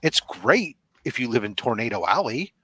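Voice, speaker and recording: A man's voice: mid-range voice, sing-song, normal speed, a bit bright, breathy edge. A man hosting a casual online panel chat, rambling and explaining things at length with lots of asides. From California. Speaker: podcast host. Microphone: video call.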